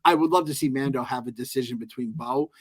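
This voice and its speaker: Man, podcast co-host, casual recap, joking, cursing, mid pitch. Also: quick pace. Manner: loose and joking, swears often. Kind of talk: casual show recap chat.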